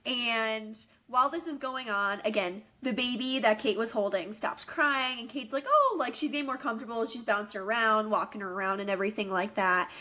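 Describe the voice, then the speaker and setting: A woman's voice: on the high side, steady tone, pushed and bright. A woman co-hosting a film podcast, chatting casually and summing up scenes. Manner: casual, reacts with quick agreement. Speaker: podcast co-host. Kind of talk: casual chat.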